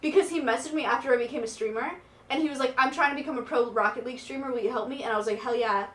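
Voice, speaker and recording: A woman's voice: high voice, racing, fairly bright tone, roomy sound. A woman podcast co-host in casual chat, dramatic and tipsy, swearing and half-laughing through tears.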